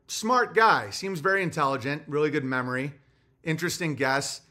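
Male comedian-streamer, high pitched, ranting and cursing, loud then muttering. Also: moderate pace. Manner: profane, ranting, swings from loud bursts to low muttering. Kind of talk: casual livestream monologue.

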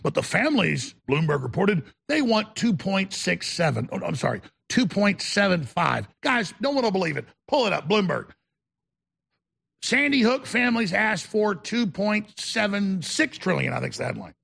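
Gravelly, forceful man ranting as host. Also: high voice, very animated, moderate pace. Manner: combative, mocking, shouting bursts; stammering restarts when worked up. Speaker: talk show host. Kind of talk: ranting monologue to viewers.

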